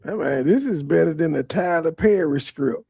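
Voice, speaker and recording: A man's voice: on the high side, lively intonation, moderate pace, gravelly, mellow, husky, dry recording. A man commenting sarcastically over someone else's stream, mocking the story. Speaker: livestream commentator.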